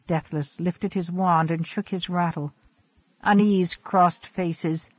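A man narrating an audiobook in a steady, expressive storytelling manner. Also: high-pitched, takes it slowly, no room sound. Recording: dull, dry recording.

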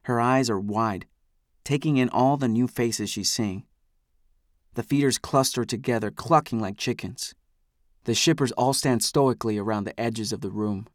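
A man reading first-person scripted narration for an audiobook in a measured, even manner. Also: mid-range voice, no echo, studio quality.

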